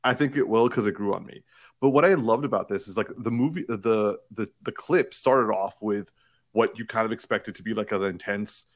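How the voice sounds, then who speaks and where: A man co-hosting a podcast in casual chat, excitable and rambling, laughing often and restarting his sentences. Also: fairly low pitch, moderate pace. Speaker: podcast co-host.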